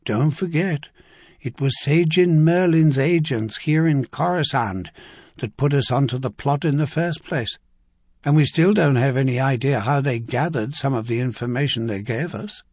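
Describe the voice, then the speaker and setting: A man's voice: medium pitch, normal speed, a little mellow, slightly rough, no room sound, natural voice. A man voicing a dry, wry older duke in an audiobook.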